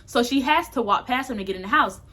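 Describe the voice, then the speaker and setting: A woman's voice: a little high, animated, fast, bright, forceful tone. A young woman vlogger telling a loose, frank story in casual chat, swearing freely as she goes. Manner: chatty, frank, laces story with profanity; talks a bit tipsy and loose.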